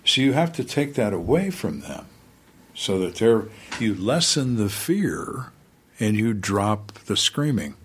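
Husky older man telling dry stories. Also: on the low side, sing-song, unhurried. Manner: dry, emphatic storyteller who acts out suspects' lines. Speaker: retired homicide detective, guest. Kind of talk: storytelling in conversation.

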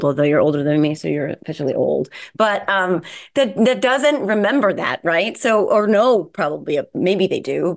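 A woman in her forties hosting an interview, chatty and animated, with lively asides. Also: medium pitch. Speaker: podcast host. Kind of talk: casual conversational interviewing.

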